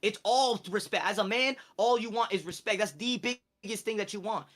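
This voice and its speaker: A man on a live stream giving emphatic life advice in casual chat, swinging from quiet to loud. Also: high voice, fairly quick.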